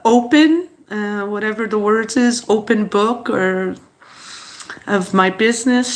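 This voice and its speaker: A teary woman, chatting slowly and haltingly on her livestream, with many fillers and apologies. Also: medium pitch, fairly bright tone. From Montreal, Canada. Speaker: channel host on a livestream. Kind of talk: casual livestream chat, reading viewer comments.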